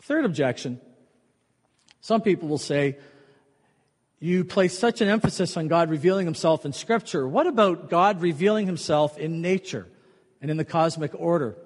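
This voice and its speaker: A man preaching a sermon as pastor, emphatic, often repeating a key phrase more quietly. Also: a little high, moderate pace, in a large hall.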